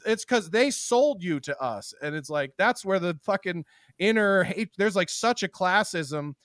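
A man from Philadelphia hosting a podcast, talking in animated, quick bursts and swearing freely. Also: sits high, dry recording, clean studio sound. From Philadelphia, USA. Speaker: podcast host. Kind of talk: casual chat.

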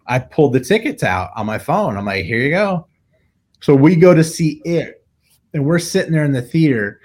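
A man's voice: medium pitch, a little fast. A middle-aged man, a tattoo artist, telling a personal story in casual conversation and acting out what others said. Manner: animated storyteller, acts out quoted voices.

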